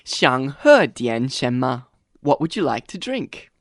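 A man's voice: medium pitch, very animated, slow pace, fairly bright tone, no room sound. Male learner co-host: playful curiosity, bouncy intonation, takes his time; dry booth. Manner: repeats phrases after the teacher, playfully curious. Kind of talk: scripted radio lesson.

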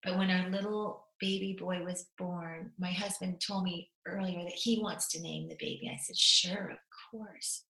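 A woman's voice: fairly low pitch, fairly even intonation, normal speed, few pauses. A middle-aged woman, a talk show guest, telling an emotional personal story candidly and animatedly, her voice breaking into tears at times. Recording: roomy echo.

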